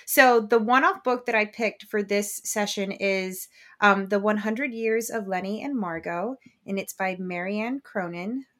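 A woman's voice: mid-range voice, unhurried. Casual woman rambling through a book review. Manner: relaxed, rambling, many ums. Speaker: podcast co-host reviewing books.

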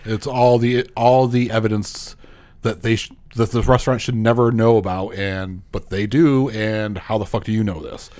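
A man's voice: lowish voice, fairly even intonation, normal speed, darkish tone. A man on a podcast chiming in with short asides while a film's plot is retold, swearing now and then. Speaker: podcast co-host. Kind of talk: casual movie recap chat.

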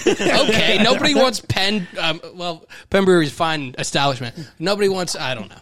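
Man host, casual beer talk, slightly high voice, dry close sound, laughs a lot. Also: sing-song, a little fast, few pauses, a bit bright, no room sound. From Pittsburgh area. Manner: laughs often, joking. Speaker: podcast host. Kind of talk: casual chat.

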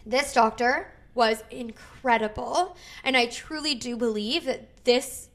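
A woman in her thirties tells a story in loose podcast chat. She acts out every quote in an animated way, with big swings in her voice, and swears freely. Her voice sits a little high. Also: slow pace. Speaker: podcast co-host. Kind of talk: casual chat.

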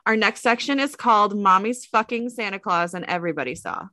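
Young woman co-hosting a podcast in a relaxed, chatty way, with a mid-pitched voice. The sound is dry and close, without any room echo. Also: brisk. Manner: relaxed and chatty, laughs easily. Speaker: podcast co-host. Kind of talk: casual podcast chat.

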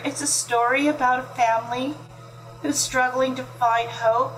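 A woman author reads her picture book slowly and lyrically, in a voice a little above average pitch. She sounds far from the mic, in a roomy room with faint music beneath. The delivery is unhurried and rhythmic. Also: a bit bright. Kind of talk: interview and storybook reading.

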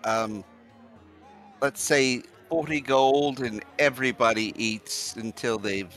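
Dude putting on a pompous fancy adventurer, slow, bright tense voice. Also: male voice, medium pitch, steady tone, soft background music. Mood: grand. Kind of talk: tabletop role-play.

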